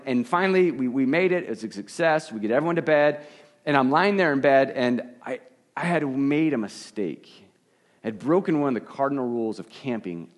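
Middle-aged male pastor, conversational preaching voice, animated storyteller, stammers on restarts. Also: mid-range voice. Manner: storytelling, animated, self-deprecating, frequent restarts. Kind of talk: sermon with personal story.

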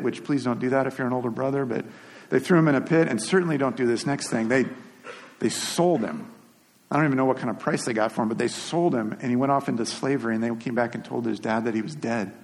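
A man's voice: medium pitch, a little mellow. A man giving an earnest, conversational sermon as pastor, often repeating and restarting his words. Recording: long reverb of a large hall.

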